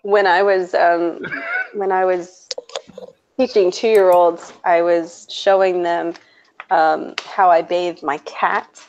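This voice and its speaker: Woman, young adult, preschool teacher, casual storytelling, lower voice, muffled lo-fi sound. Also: slow, slight background noise. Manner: animated anecdote telling, acting out quotes with laughs. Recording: dull lo-fi audio.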